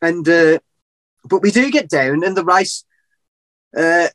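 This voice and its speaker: A middle-aged man telling a long story as a podcast guest, animated and rambling, often laughing at himself. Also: fairly high pitch, slow, no echo. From England. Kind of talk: casual storytelling.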